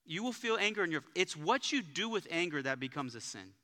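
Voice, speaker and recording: A man preaching a sermon as pastor, talking in a casual, energetic way, with jokes and personal stories. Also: fairly high pitch, brisk. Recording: live church sanctuary with long reverb.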